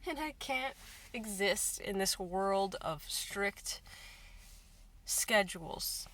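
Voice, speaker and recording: A woman speaking in a halting, emotional way in a personal confessional vlog, often repeating herself. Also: medium pitch, animated, fairly bright tone, far from the mic. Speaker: vlogger.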